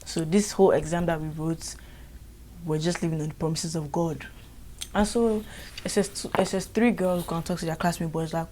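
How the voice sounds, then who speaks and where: A young woman with a Nigerian accent tells a storytime vlog, lively and exasperated. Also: low voice, moderate pace, a little hiss or hum. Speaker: vlogger.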